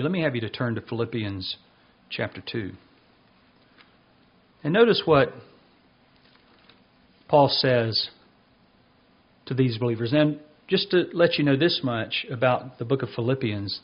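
A man preaching a sermon as pastor, reading passages and slowing down to stress his points. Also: mid-range voice, expressive, breathy edge, lo-fi sound.

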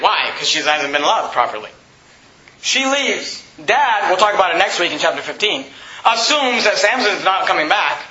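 A man's voice: high-pitched, bright, forceful tone, roomy sound, muffled recording. A man preaching a sermon as pastor, with emphatic, rising bursts of speech.

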